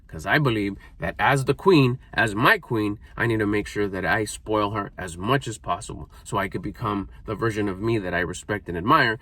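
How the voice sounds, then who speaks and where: A man's voice: fairly low pitch, fairly bright tone, no room sound. A man giving an emphatic, self-critical motivational vlog monologue in short punchy phrases. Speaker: vlogger, mindset coach. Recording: noisy background.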